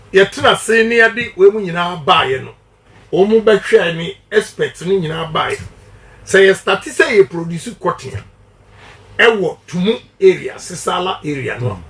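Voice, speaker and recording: Middle-aged Ghanaian man, politician on radio, high-pitched and emphatic, hammers slogans like a preacher. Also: fairly bright tone. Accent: Ghanaian English. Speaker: politician giving a radio interview. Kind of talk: campaign interview.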